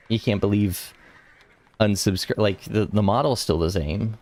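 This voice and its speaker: Young man rambling casually, fairly low voice. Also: unhurried, a little mellow, slight background noise. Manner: rambling, many restarts and laughs. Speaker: streamer. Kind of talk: casual gaming stream chat. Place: home room.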